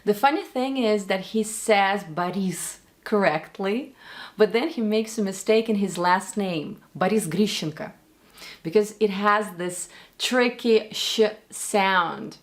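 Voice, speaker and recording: A woman's voice: mid-range voice, slow pace. A Russian-accented woman from Russia teaching pronunciation, demonstrating sounds by repeating words and single sounds. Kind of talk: pronunciation lesson commentary.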